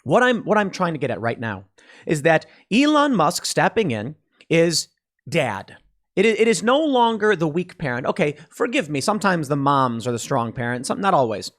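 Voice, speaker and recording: A man's voice: a little high, sing-song, normal speed, a bit bright. A man hosting a podcast, giving emphatic, sarcastic commentary. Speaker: podcast host. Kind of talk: opinionated commentary.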